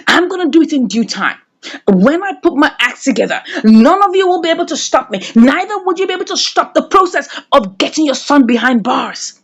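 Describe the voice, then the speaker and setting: A woman's voice: high-pitched, big pitch swings, fairly quick, lo-fi sound. Woman voicing a determined young wife. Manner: determined, emphatic. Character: young wife vowing justice.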